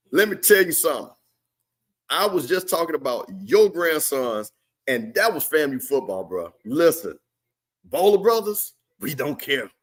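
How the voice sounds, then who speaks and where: A man hosting a live game watch party and commentating casually, reading viewer comments and using loose, slangy talk. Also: medium pitch. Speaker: watch party stream host. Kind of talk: live sports commentary chat.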